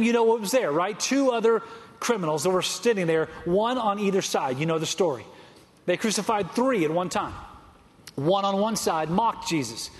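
A male pastor delivers a sermon in a notably high voice. He drives his points home with emphatic, repeated phrases. His words ring out with a long reverb through a large sanctuary. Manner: emphatic, repetitive cadence.

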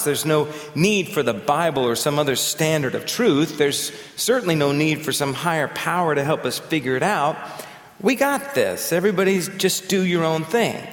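A man preaching a sermon as pastor, talking in a conversational way and telling stories. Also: a little high. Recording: echoey hall with long reverb.

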